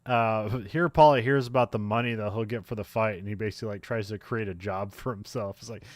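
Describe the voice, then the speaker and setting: A man's voice: on the low side, fairly even intonation, fairly quick, no echo. A man co-hosting a casual movie podcast, recapping scenes with many fillers and frequent laughs. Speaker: podcast co-host.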